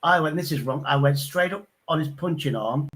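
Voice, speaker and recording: A man hosting a casual chat, telling rough pub stories bluntly and acting out the voices of the people in them. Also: fairly high pitch, a little fast, a bit bright. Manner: blunt, sweary, acts out quoted voices.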